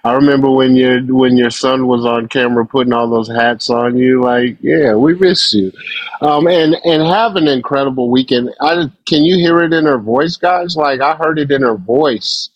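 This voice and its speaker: A man's voice: medium pitch, normal speed, lo-fi sound. A man hosting a podcast, responding enthusiastically to a listener and passing the mic on. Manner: enthusiastic, restarts phrases. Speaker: podcast host. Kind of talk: warm casual chat.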